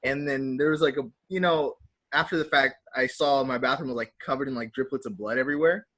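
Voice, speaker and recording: Husky, bright young man rambling. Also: medium pitch. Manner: filler-heavy, halting storytelling. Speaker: podcast co-host. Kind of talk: casual storytelling chat.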